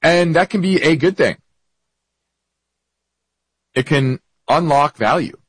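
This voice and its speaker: Guy hosting a finance show, kinda husky voice with hiccups, lively ups and downs, dry close sound. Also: fairly high pitch, takes it slowly, dry recording, rough recording. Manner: animated explainer with restarts and self-corrections. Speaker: investment show host. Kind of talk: explaining finance, answering listener questions.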